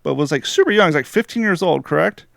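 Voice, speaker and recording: A man hosts a casual podcast interview, upbeat and nudging his guest with "right?" and "correct?" His voice sits a little high, recorded dry and close with no room sound. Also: lively intonation, fast talker, gravelly, fairly bright tone, dry recording. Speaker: podcast host.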